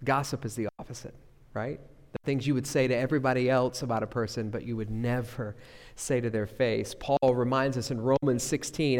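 A man preaching a sermon as pastor, swinging between loud emphasis and quiet asides. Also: medium pitch, fairly quick. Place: church sanctuary. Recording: echoey hall reverb.

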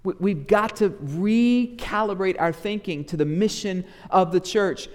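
A man preaching with animated, rising emphasis and a slightly high voice. His words ring out with a long reverb, as in a church sanctuary. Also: moderate pace, hardly any pauses. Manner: animated preaching, acts out grumbling church members in asides. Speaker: pastor. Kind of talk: sermon.

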